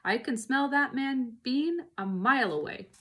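Give me a calm, wily father fox, as a woman reads him. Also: sits high, a little slow, voice pushed up. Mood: sure.

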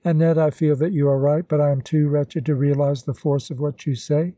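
A man's voice: fairly high pitch, level tone, brisk, warm tone, dry recording, natural voice. A man reading the part of a heartbroken young man in an audiobook, speaking in a pained, wretched way.

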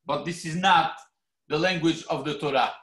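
A man preaching a sermon as rabbi, animated and theatrical, acting out mock quotes. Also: fairly high pitch, normal speed. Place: synagogue hall. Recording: echoey hall.

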